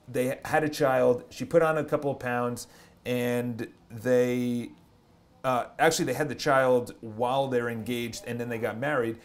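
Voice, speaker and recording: A man, a real estate agent and vlogger, giving an energetic motivational talk on a livestream, stressing points with a repeated "okay?". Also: medium pitch.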